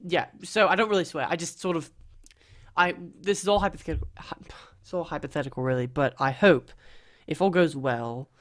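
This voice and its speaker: A man's voice: a little high, fairly quick, fairly bright tone. A man hosting a casual podcast and narrating an improvised story, rambling and correcting himself as he goes. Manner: rambling, self-correcting, easily flustered. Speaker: podcast host and game master.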